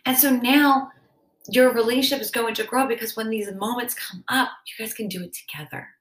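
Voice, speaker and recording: Slightly high and a bit bright, this podcast host's voice holds fairly even intonation and runs a little fast. She talks casually on her self-help show, performing little quoted exchanges along the way, in a room with noticeable echo.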